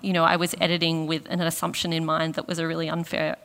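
A woman's voice: sits low, monotone, quick pace, creaky, fairly bright tone, in a large hall. An Australian woman speaking as a guest author in an interview, thoughtful and self-deprecating. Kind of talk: reflective conversational interview.

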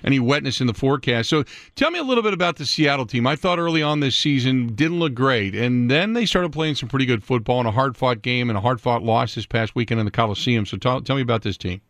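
A man's voice: mid-range voice, lively intonation, fast, hardly any pauses, a bit bright, no room sound, clean studio sound. A man hosting sports radio, asking long conversational questions backed with statistics. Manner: conversational, asks long set-up questions with stats.

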